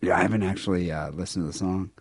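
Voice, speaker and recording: A man's voice: deep voice, steady tone, very fast, slightly rough, dry recording. A man with a nasal voice hosting a casual podcast, chatting and reading listener emails aloud. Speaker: podcast host.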